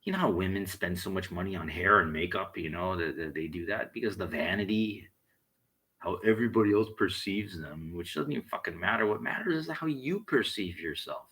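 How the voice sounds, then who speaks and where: A man's voice: low-pitched, a little fast, bright, forceful tone, husky, poor audio. A man delivering a blunt, heated monologue full of swearing. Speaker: vlogger. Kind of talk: profane monologue rant.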